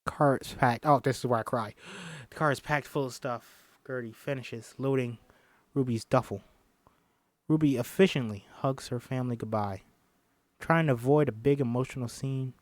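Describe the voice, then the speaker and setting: A man's voice: medium pitch, normal speed, dry recording. A man reading a film script aloud on a stream, emotional and swearing casually between lines. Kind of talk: script read-aloud with commentary.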